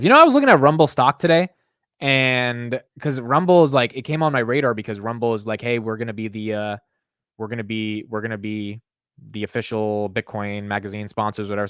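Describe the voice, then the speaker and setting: A man's voice: mid-range voice, no room sound, clean studio sound. A young man hosting a livestream, chatting casually in a loose, rambling way and saying "dude" a lot. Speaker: livestream host. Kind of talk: casual stream chat.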